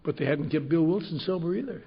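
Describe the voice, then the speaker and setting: A man's voice: fairly high pitch, fast, slightly rough, muffled recording. An older man speaking at a recovery convention, telling a story bluntly with salty humor. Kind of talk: storytelling talk. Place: convention hall.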